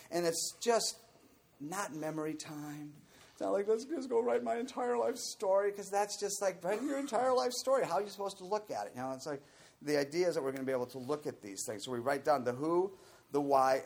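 Candid man with a higher voice. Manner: candid, conversational, peppered with "you know". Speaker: recovery program speaker. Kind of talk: casual talk to a group.

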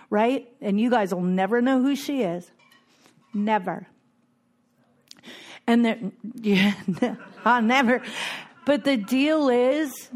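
Woman, middle-aged, slightly high pitch, heartfelt group talk, repeats phrases for emphasis. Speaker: speaker at a recovery meeting.

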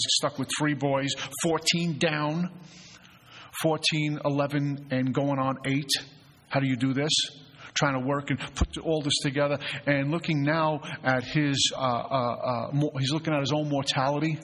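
A middle-aged man with a husky voice gives an earnest recovery talk to a group, telling personal stories with many restarts and stammered fillers. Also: medium pitch, a bit bright. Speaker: retreat facilitator. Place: mountain retreat hall. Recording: echoey hall recording.

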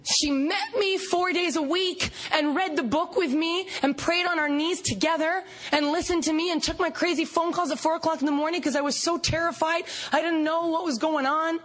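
A woman from Canada giving an animated recovery meeting share, storytelling with laughs and acted-out quotes. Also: very high voice, moderate pace, few pauses. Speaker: recovery fellowship speaker.

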